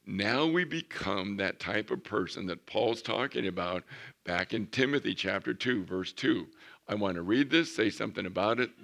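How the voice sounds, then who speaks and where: A man preaching a sermon as pastor, reading scripture slowly and building to emphatic points. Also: lowish voice, creaky, a bit bright. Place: church.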